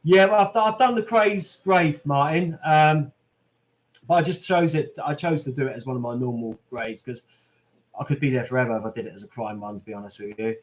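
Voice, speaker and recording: Brisk and mid-range in pitch, this British man chats casually as he hosts a live question-and-answer stream. Reading out viewer comments and responding to live chat, he fills his talk with "um" and "mate."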